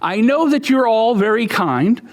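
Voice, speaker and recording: A man's voice: very high voice, expressive, a little slow, pitched above the performer's own voice. A man voicing a kind, encouraging woman schoolteacher in a picture book.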